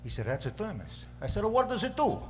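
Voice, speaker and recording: A man's voice: high voice, huge pitch swings, fast, slight background noise. Man putting on a jokey Italian priest. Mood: jovial. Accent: put-on Italian. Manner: broken English, joke-telling, laughing. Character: joking middle-aged male Italian priest. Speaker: comedian. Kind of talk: stand-up character sketch.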